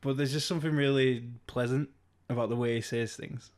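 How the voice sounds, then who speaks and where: A man co-hosting a podcast in casual chat, laughing often and throwing in quick jokes. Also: medium pitch, fairly even intonation. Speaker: podcast co-host.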